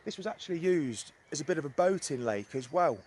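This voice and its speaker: A man's voice: fairly high pitch, expressive, fairly quick, a little mellow, husky. A man, chatting and rambling with curiosity as he walks outdoors filming a local history tour. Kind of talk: casual walking tour narration. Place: outdoors on a woodland trail and in caves.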